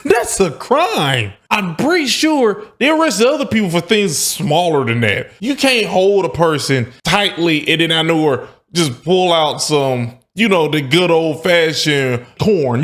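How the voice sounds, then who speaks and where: A man with a fairly high voice hosts a casual reaction commentary. He talks over a clip, tossing off jokey, incredulous asides. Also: a bit bright. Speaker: commentary host.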